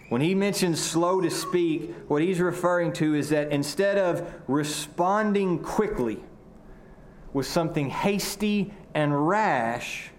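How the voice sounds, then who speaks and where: A man from Arkansas with a Southern drawl, preaching a sermon earnestly, often repeating words and slowing down for emphasis. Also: on the high side, a little hiss or hum. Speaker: pastor.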